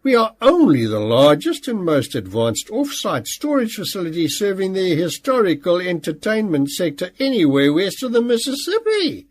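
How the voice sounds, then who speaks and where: A man's voice: high-pitched, huge pitch swings, moderate pace, few pauses, pitched above the performer's own voice, heavily acted. A man putting on a twangy folksy clerk lady. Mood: proud. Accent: slight Western twang. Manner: folksy, calls everyone hon and darling. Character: chatty middle-aged woman storage clerk.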